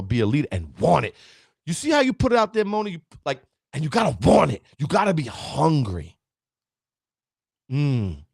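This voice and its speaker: A man's voice: fairly high pitch, gravelly, breathy edge, dry recording, clean studio sound. A man hosting a motivational livestream, preaching about never quitting and greeting viewers by name, at times choked up. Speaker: livestream host. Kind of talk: motivational live stream talk.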